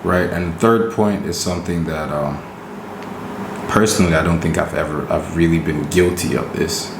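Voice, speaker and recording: Male co-host, low voice, animated and emphatic, roomy room sound. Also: moderate pace, noisy background. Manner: animated, emphatic, keeps asking "right?". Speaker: podcast co-host. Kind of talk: casual podcast chat. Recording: roomy recording.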